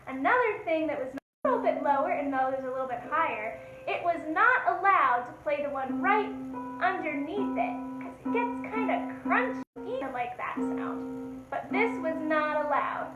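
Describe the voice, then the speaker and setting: Woman, high voice, children's music teacher, upbeat sing-along, roomy echo, faint instrument behind. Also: expressive, normal speed, muffled recording. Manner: upbeat, encouraging, sings and chants along. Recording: echoey room with instrument. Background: instrument played.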